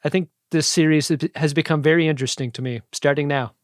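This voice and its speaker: A man co-hosting a podcast in casual, animated chat, joking and slipping into quick impressions. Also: a little high, dry recording, clean studio sound. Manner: animated, jokey, slips into impressions. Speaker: podcast co-host.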